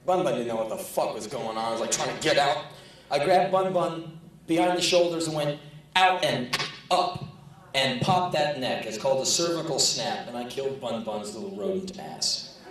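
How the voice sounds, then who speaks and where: A man's voice: mid-range voice, moderate pace, a bit bright. A man performing a profane, sardonic spoken word story on stage. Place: large live venue. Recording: echoey live hall, distant, audience laughing.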